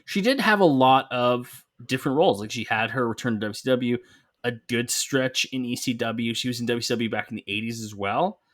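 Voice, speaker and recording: A man's voice: medium pitch, fairly quick, no room sound. Easygoing man leading a podcast rundown. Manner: relaxed, drives the rundown, dry jokes. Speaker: podcast host. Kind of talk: casual chat.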